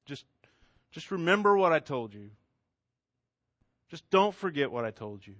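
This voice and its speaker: An earnest, lovesick young man, as a storyteller voices him, speaking quietly and pleading. The tone is a bit high and the recording is close and dry. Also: very animated, measured pace, dry recording, highs cut off.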